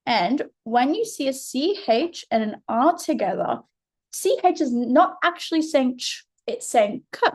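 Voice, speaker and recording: A woman's voice: sits high, lively intonation, measured pace, breathy edge. An Australian woman tutoring a child through a phonics lesson, patient and encouraging. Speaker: reading tutor.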